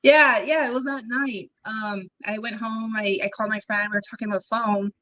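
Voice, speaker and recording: A young woman, a podcast guest, telling her own story in a casual, animated way, acting out what people said, with ums and laughs along the way. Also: fairly high pitch, normal speed, highs cut off. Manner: animated, acts out quoted dialogue, frequent ums and laughs. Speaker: interview guest.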